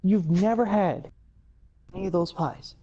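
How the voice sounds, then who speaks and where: A woman co-hosts a casual podcast chat, teasing and incredulous as she rattles off lists. Her tone is dark and mellow. Her audio comes through dull and lo-fi. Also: on the low side, a little slow.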